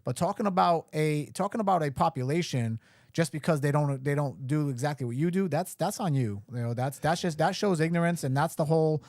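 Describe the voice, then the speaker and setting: Blunt fast-talking man on a live show. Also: on the high side, darkish tone, dry recording. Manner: blunt, emphatic, repetitive. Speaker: mayoral candidate guest.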